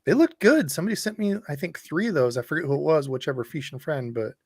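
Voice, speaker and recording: Relaxed man, dry close sound. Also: on the high side, fast talker, husky, dry recording. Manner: relaxed, chatty, frequent ums. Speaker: co-host reading viewer questions. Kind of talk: casual live-stream chat.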